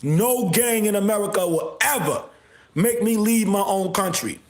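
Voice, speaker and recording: High-voiced man ranting on a livestream. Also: expressive, normal speed. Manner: repetitive, confrontational, bursts of shouting. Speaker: livestream host. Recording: echoey room.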